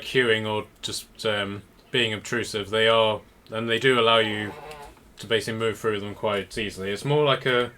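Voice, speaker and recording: A man's voice: on the low side, bright, forceful tone. A man narrating as game master, rambling with restarts and fillers.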